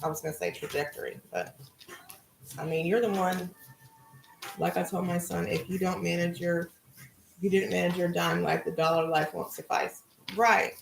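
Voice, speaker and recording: A middle-aged woman musing about spirituality and reading cards in a relaxed, conversational way. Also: on the low side, moderate pace, gravelly, long pauses, reverberant, background noise. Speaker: spiritual card reader. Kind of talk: casual spiritual talk.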